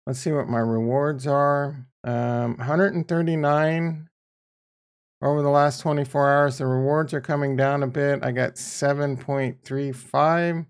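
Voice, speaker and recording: A man talking casually about his crypto yield farm, blunt and profane, swinging from quiet muttering to heated ranting. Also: medium pitch, fairly even intonation, measured pace, smooth. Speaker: crypto YouTuber. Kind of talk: casual screen-share commentary.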